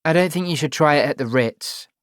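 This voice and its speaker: A man reading an audiobook, voicing a guarded, sharp-tongued teenage girl with quick, sarcastic retorts. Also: a little high, no room sound, clean studio sound, pitched above the performer's own voice, natural voice. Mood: defiant.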